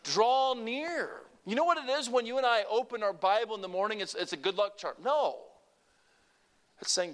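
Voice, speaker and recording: A man preaching a sermon to a congregation, earnest and conversational, rising to emphatic peaks and dropping to soft, quiet asides. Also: high voice, normal speed. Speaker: pastor.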